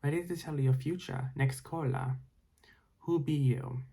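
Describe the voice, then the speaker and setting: A man's voice: a little high, steady tone, unhurried, gravelly, warm tone, slightly rough, exaggerated voice. A man voicing a teen girl posing as a female phone psychic with a put-on Jamaican accent, in ASMR storytelling. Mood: mock-mystical. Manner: mock-mystical, calls the caller "child".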